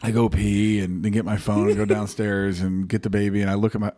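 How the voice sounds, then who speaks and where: Low-voiced joking man on a podcast. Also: level tone, fairly quick, warm tone. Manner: joking, self-deprecating storyteller. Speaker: podcast co-host. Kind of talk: casual chat.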